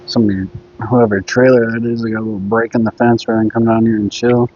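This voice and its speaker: A man's voice: lowish voice, level tone, fast talker, darkish tone, lo-fi sound, a little hiss or hum. A young man with a Minnesotan accent, chatting casually on a live stream while out on a ride, rambling through stories with loose swearing. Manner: rambling storyteller, laid-back, swears casually. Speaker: livestreamer. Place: outdoors on a scooter ride by a creek.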